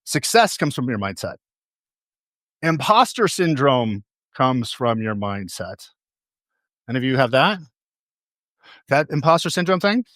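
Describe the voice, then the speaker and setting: A man's voice: mid-range voice, sing-song, unhurried, pauses often, fairly bright tone, no room sound, studio quality. A man giving a motivational stage talk as a coach. He tells stories, asks the audience questions and repeats key phrases for emphasis.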